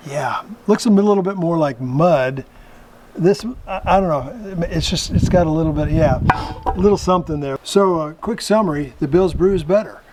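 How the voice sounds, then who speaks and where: Chatty vlog host, man, a bit higher voice, chuckles a lot; noisy home recording. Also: normal speed. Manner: chatty, chuckles often, thinks aloud. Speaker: vlog host reviewing military rations. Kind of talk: casual show-and-tell commentary.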